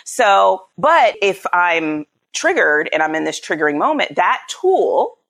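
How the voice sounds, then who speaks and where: A woman in her thirties, a parenting coach in a podcast interview, acting out quotes with big pitch jumps. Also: very animated, unhurried, creaky, a bit bright.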